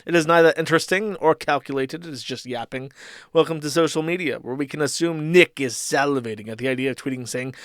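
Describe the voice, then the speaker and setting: A man's voice: fairly high pitch, fast, fairly bright tone, no room sound, studio quality. Sardonic man ranting on stream. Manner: mocking, rambling, swearing. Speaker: streamer host. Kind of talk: sarcastic commentary stream.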